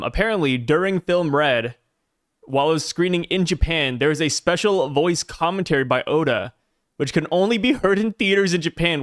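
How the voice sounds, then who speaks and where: Man, podcast co-host, casual animated chat, lively pitch, dry close sound. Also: no echo. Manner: animated, reads manga dialogue aloud. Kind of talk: casual chat about manga.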